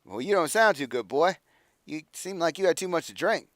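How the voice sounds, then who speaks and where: A man's voice: fairly high pitch, lively intonation, brisk, no echo, studio quality, pitched above the performer's own voice. A man voicing a boisterous, flirtatious sea captain in a tabletop game. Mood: hearty. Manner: loud, hearty, courtly.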